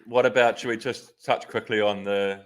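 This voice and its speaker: Very deep-voiced New man. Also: steady tone, moderate pace. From New Zealand. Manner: rambling anecdotal storytelling with laughs. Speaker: podcast co-host, former pro cyclist. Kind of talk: casual chat.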